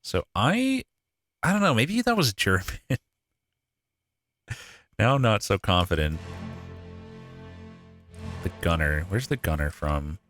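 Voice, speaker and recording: Deep-voiced man thinking aloud on stream. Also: very animated, slow, pauses often, a bit bright, faint music behind. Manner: thinking aloud, profane, laughs often. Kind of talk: live gameplay commentary.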